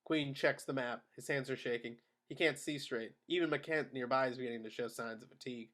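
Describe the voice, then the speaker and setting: A man narrating the stage directions of a screenplay at a table read in a steady, matter-of-fact way. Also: medium pitch, brisk. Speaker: narrator of action lines.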